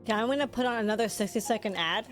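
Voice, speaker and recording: A woman's voice: fairly high pitch, racing. Chatty woman streaming a game. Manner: chatty, rambling, talks to herself. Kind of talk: casual live-stream chat while gaming. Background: game music.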